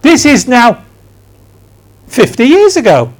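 An older English man giving a chatty sermon in a church, his voice riding high for a man and swinging widely in pitch. He tells stories with emphatic, self-deprecating asides. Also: huge pitch swings, slow pace. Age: 60s. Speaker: preacher. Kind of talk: conversational sermon.

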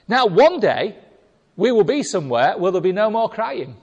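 In a church hall, a male pastor delivers his sermon emphatically in a high, very animated voice at normal speed. He keeps firing rhetorical questions at the congregation, and the recording carries a large hall's long reverb.

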